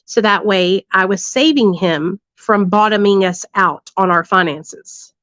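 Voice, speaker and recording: A woman's voice: medium pitch, a little slow, a bit bright, dry recording. A woman hosting a livestream, telling a story to her audience bluntly and profanely, with lots of tag questions. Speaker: livestream host. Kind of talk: candid storytelling to a live audience. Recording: dull lo-fi dry sound.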